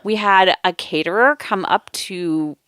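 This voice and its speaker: A woman's voice: medium pitch, unhurried, fairly bright tone, smooth, dry recording. A woman co-hosting a community radio show, chatting in an easygoing, matter-of-fact way into a studio microphone. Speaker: radio co-host. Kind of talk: casual studio chat. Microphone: studio microphone with headphones. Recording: dry close studio sound.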